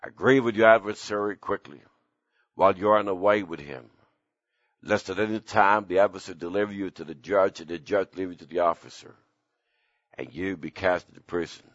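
An older man, a pastor, preaching an impassioned sermon whose pitch climbs suddenly at its peaks. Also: a little fast, a bit bright, no echo, muffled recording.

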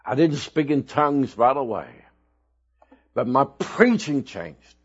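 A man preaching a sermon, telling his own testimony slowly and with emphatic bursts of loudness. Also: medium pitch, sing-song, slightly rough. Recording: dull lo-fi recording.

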